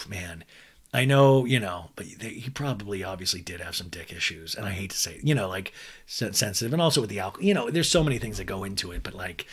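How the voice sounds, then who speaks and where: Bright-voiced man, chatty comedic recap. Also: lowish voice, animated, fairly quick, breathy edge. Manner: chatty and crude, acting out the cast's lines in mock voices. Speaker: podcast host recapping a reality show.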